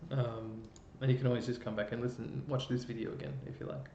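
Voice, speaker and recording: A man's voice: medium pitch, flat delivery, quick pace, vocal fry, dark tone. A man teaching an online music lesson, explaining step by step and thinking aloud as he works a computer. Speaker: chorus music educator. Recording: roomy, dull lo-fi sound with faint noise.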